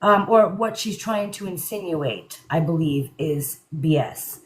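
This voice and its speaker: A woman's voice: on the low side, lively intonation, measured pace, poor audio. A woman hosting a live stream, chatting casually and speaking her mind. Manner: outspoken, chatty.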